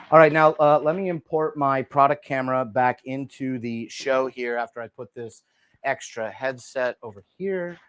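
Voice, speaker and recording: A man hosting a live shopping stream, chatting casually and softly to viewers while demoing gear on a lapel mic. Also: medium pitch, no echo. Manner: chatty, rambling, talks straight to viewers; speaking softly and relaxed instead of his usual loud delivery. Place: indoor room, moving around on camera. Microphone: wireless lapel mic.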